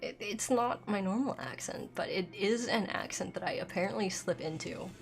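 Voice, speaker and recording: A woman streams a game and chats casually, rambling and reading chat aloud, with soft music in the background. Her voice is medium-pitched and gravelly at a moderate pace, her throat dry from illness, and dental aligners give her speech a slight lisp.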